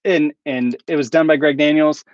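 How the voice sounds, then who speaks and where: A man's voice: fairly high pitch, fairly even intonation, normal speed, dry recording, muffled recording. A man hosting a casual livestream and chatting with viewers. He rambles and chuckles at his own jokes. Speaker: channel host.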